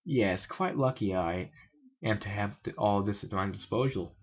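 A man voicing a pompous male alien inventor with slow, stiff, formal speech. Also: fairly low pitch, breathy edge, lo-fi sound.

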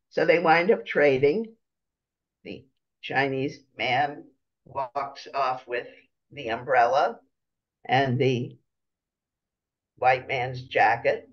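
Unhurried man lecturing over slides, lo-fi. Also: mid-range voice. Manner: unhurried, pausing, explaining each picture.

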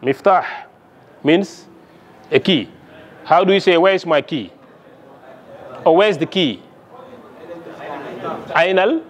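A man's voice: sits high, takes it slowly, pauses often, highs cut off. A man lecturing on Arabic to a class, asking the students questions and checking their understanding with frequent "okay?" along the way. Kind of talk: classroom lesson.

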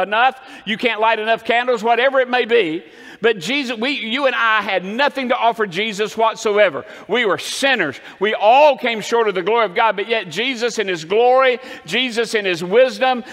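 A man preaching a rousing sermon as pastor in a church, calling the congregation to say amen and building to shouts. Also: high voice, big-room sound. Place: church sanctuary.

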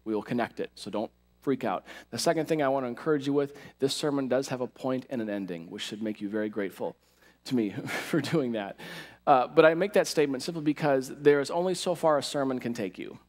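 A male pastor giving a sermon in a church, talking in a lively, conversational way with asides to the congregation. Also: medium pitch, a little fast. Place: church sanctuary.

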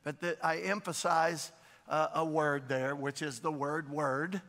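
A man gives a Sunday sermon in a loose, conversational way, repeating himself and checking in with the congregation as he goes. His voice is fairly high and bright. Long reverb from a large church sanctuary trails behind every sentence. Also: steady tone, unhurried. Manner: conversational, repeats phrases, prompts the congregation with questions. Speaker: pastor.

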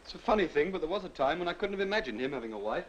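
Wry english private, quick and bouncy, old war film. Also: male voice, a little high, big pitch swings, muffled recording, slight background noise. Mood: musing. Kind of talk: 1940s film acting.

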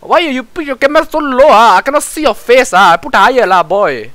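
A man's voice: very high voice, lively intonation, fairly quick, fairly bright tone, dry recording, rough recording. A young man plays a nagging exam invigilator in a comic sketch, ending lines with lah and ah. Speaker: comedy sketch creator.

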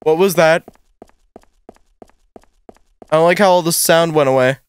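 A man's voice: fairly high pitch, unhurried, smooth, dry recording. A young man giving nervous, jumpy let's-play commentary on a horror game, talking to himself as he plays. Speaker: gaming YouTuber.

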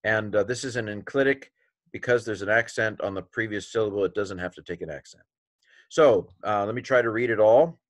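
A man's voice: lowish voice, a little fast, dry recording. A man teaching a Greek lesson, thinking aloud with fillers and self-corrections as he names the letters one by one.

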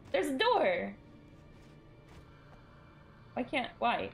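A woman's voice: mid-range voice, unhurried, faint music behind. A woman streaming a game live, chatting with her viewers and reacting in sudden bursts and laughter at a desk microphone. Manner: animated, jumpy reactions, bursts of shrieks and laughter.

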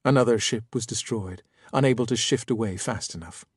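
A man narrating a first-person audiobook in a measured storytelling manner. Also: mid-range voice, slightly rough, dry recording, clean studio sound.

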